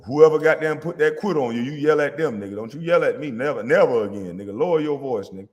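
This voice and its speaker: A man's voice: medium pitch, lively intonation, fast, in a large hall. A man, a former basketball player, delivering a heated, profane, confrontational rant at a critic. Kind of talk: angry rant.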